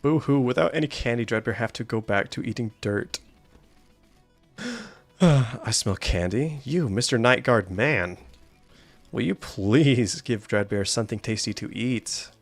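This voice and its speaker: A man's voice: mid-range voice, lively intonation, no echo, faint music behind. A man doing Dreadbear, a dim hungry bear monster. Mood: pleading. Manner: broken grammar, slow and pleading.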